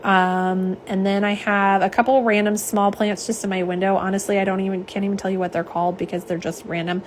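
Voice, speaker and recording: Live-streaming polish swatches from her home office, a woman reads out viewer comments and chats warmly, packing in fillers and asides. She speaks a little fast in a level, mid-range voice, with slight background noise.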